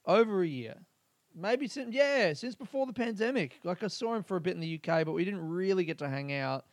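A man's voice: high-pitched, animated, brisk, dry recording, clean studio sound. A man hosting a podcast, chatting casually and swearing as he rambles and mutters to himself. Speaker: podcast host.

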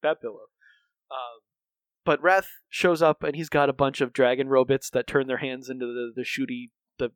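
A man's voice: mid-range voice, no echo. A man co-hosting a podcast, recapping a cartoon episode in a rambling, casual way with many fillers and restarts. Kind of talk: casual chat.

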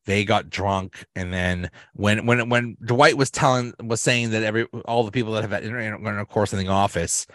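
A man hosting a casual solo podcast, talking in a rambling way with restarts and quick bits of quoted voices. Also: lowish voice, steady tone, a bit bright, no room sound, clean studio sound. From Pittsburgh area. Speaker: podcast host.

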